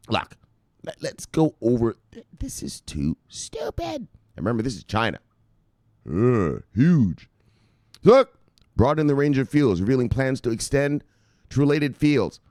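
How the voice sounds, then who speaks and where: A man hosting a cryptocurrency news vlog in an excitable, profane style, laughing often and repeating himself. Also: dry recording, studio quality. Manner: shouts "bang" and "boom" with rising excitement.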